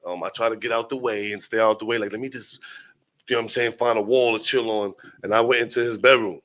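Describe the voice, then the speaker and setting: A man's voice: on the low side, steady tone, quick pace, fairly bright tone, poor audio. A young man from Brooklyn with a New York accent, a rapper telling a long, profane story as a guest and acting out the other people in it. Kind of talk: animated storytelling.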